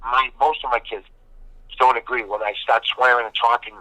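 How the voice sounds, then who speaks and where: A man's voice: mid-range voice, flat delivery, normal speed, bright, forceful tone, no echo, poor audio. A man, a guest in a casual interview, telling long rambling stories with lots of emphatic repetition. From Boston. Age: 50s.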